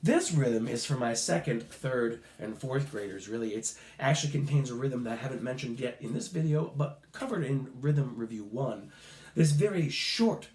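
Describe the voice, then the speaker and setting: A man teaching a recorded music lesson to children, slow, patient and encouraging, sometimes making playful animal sounds. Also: mid-range voice, expressive, darkish tone, roomy sound.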